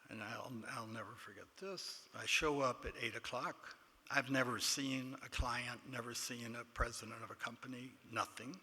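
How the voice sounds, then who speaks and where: This is an older man with a Texan accent delivering an award acceptance speech as a self-deprecating story, quoting what others said. His voice sits mid-range, pushed and bright, at a moderate pace. The recording carries the long reverb of a large banquet hall and faint room noise.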